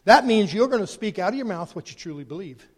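A man preaching a sermon, animated, swinging between loud emphasis and quiet, hushed asides. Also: high-pitched, fast. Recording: long hall reverb.

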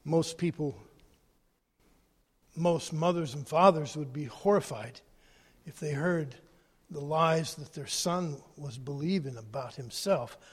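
A man preaching a sermon, animated, swinging between loud emphasis and quiet, hushed asides. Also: a little high, slow pace, long pauses, husky. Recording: long hall reverb.

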